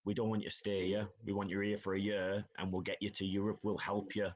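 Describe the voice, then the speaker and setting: Man, low voice, casual, storytelling guest. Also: monotone, fast talker, dull audio. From Northeast England. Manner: chatty storytelling, says "aye" and "like". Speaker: ice hockey player guest. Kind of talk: casual podcast interview.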